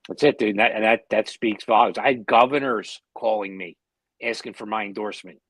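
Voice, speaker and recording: Husky, blunt man in heated podcast talk. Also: fairly low pitch, fairly even intonation, a little fast, fairly bright tone, no room sound. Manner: blunt, heated, heavy swearing. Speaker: podcast co-host. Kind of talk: casual podcast chat.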